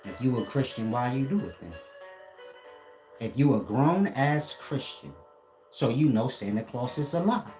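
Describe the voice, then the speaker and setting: Man, casual rant, profane and confrontational, echoey room, soft guitar faintly behind. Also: medium pitch. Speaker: commentator. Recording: roomy echo.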